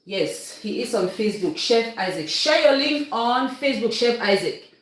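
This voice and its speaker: A woman chats through a cooking live stream, greeting viewers by name and urging them to share links. Her voice sits a little high. The room around her rings with strong echo. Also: animated, normal speed. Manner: chatty, repeats names and asks viewers to share. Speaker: cooking channel host. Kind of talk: casual live-stream chat.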